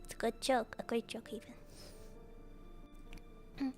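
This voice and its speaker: A woman's voice: a little high, flat delivery, unhurried, faint music behind. A woman streamer answering viewer questions in casual chat, playful and giggly, laughing often between her jokes. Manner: joking, self-mocking princess bits.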